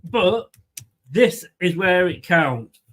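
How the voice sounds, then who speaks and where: A man's voice: high voice, animated, extremely slow, a bit bright. A man with a light, rambling, chatty manner, hosting a live football watchalong and reading out viewer comments. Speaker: host of a fan watchalong.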